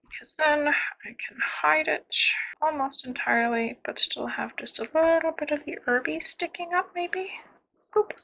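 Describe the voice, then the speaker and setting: Playful gravelly-voiced woman muttering while building. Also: on the high side, pushed and bright, muffled recording. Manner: chatty, playful sound effects, mutters half-whispered asides. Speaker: gameplay streamer building a zoo. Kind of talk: casual commentary while playing.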